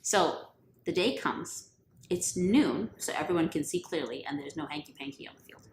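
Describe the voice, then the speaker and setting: A woman's voice: deep voice, moderate pace, slight background noise. A woman retelling a religious story in a playful, chatty, slangy way. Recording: roomy echo.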